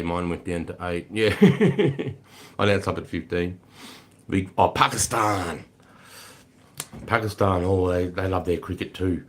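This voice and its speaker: An Australian man hosting a casual livestream, greeting viewers and chatting with a relaxed, swearing, matey manner. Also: deep voice. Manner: swears freely, laid-back, greets chatters as mate and brother. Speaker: livestream host. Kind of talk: casual livestream chat reading comments.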